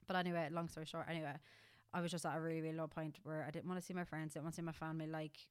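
Young Irish woman co-host, candid and chatty with a lower pitch, recorded dry. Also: level tone, rapid-fire, clear, resonant tone, no echo. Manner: candid, rambling, many fillers and restarts. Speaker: podcast co-host. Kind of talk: casual chat.

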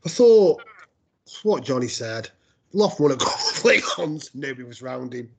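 Wry man, husky mid voice, laid-back fan pundit. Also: medium pitch, very animated, moderate pace. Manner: wry, joking asides. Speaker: podcast co-host. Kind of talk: casual football podcast chat.

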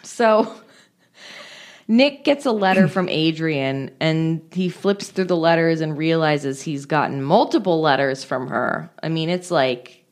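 Woman co-host, casual film recap, slightly low voice, lots of filler words. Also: animated, measured pace. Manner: fillers "like", retells scenes. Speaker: podcast co-host.

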